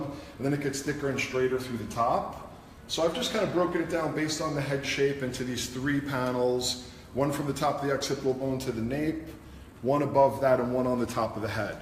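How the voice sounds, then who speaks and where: A medium-pitched man, recorded with a little hiss or hum, hosts a live haircut demonstration as a hairstylist. He chats and explains each step while cutting, and the hair salon studio sounds echoey, with long reverb and faint ambience.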